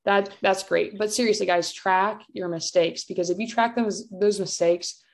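A woman's voice: mid-range voice, steady tone, normal speed, creaky. A young adult woman co-hosting a casual podcast, upbeat and encouraging, often exclaiming. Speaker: podcast co-host.

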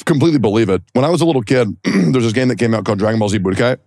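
A young adult man co-hosting a podcast, telling stories in a casual, animated and profane way. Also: medium pitch, rapid-fire, dry recording, studio quality. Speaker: podcast co-host. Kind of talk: casual chat.

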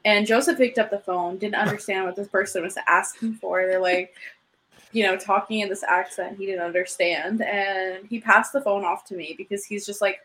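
A woman's voice: mid-range voice, fairly even intonation, normal speed, fairly bright tone, a little hiss or hum, rough recording. Chatty, laughing young woman storyteller. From Canada. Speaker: podcast co-host. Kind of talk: casual chat.

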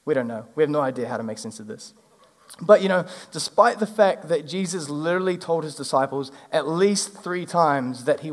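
A male pastor, preaching a sermon in a church and retelling the story in a lively, casual way. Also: fairly high pitch. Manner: animated, acts out the characters in a casual retelling. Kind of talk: sermon with scripture reading. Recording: long hall reverb.

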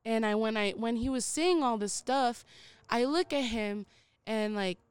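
A woman's voice: a little high, unhurried, clean tone, no room sound. Candid woman swearing through a story. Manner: candid, profane, laughing retelling. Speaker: podcast co-host. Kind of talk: casual storytelling chat.

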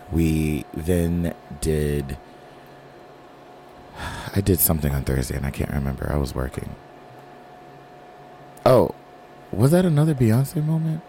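A man co-hosting a casual podcast chat, raspy with an early-morning unwarmed voice, sassy and gossipy. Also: extremely low pitch, warm tone, a little hiss or hum. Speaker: podcast co-host.

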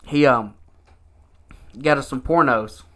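Slow-paced but pushed and bright, a medium-pitched male voice belongs to a podcast co-host telling a story in casual chat. The tale rambles, he swears a lot, and "like" and "you know" fill the gaps.

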